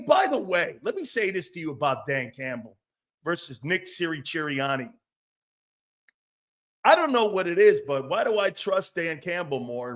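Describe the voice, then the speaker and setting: A man's voice: high voice, a bit bright. A middle-aged man hosting an opinionated sports talk show, blunt and profane, now and then mocking others in put-on voices.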